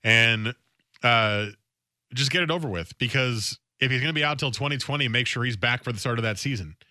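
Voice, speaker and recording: A man hosting a sports talk radio show, talking in a conversational, animated way and often restarting his phrases. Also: mid-range voice, a little fast, dry recording, studio quality. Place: radio studio.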